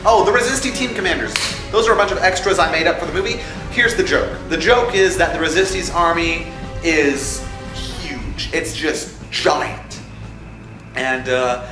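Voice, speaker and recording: A young man hosting a casual vlog that calls for voice actors for his fan film, animated and jokey, dropping into put-on voices. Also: on the high side, normal speed. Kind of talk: casual casting-call vlog. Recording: echoey room with music behind.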